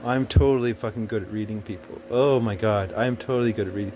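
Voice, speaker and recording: A man with a lowish voice tells a personal story quickly against background noise. His casual monologue rambles, with frequent swearing and a lot of stumbling through fillers and restarts.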